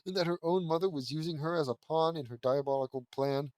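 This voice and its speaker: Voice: medium pitch, quick pace, darkish tone, no echo. A host giving a comedic read of fan fiction, breaking off to make sarcastic comments and laughing often.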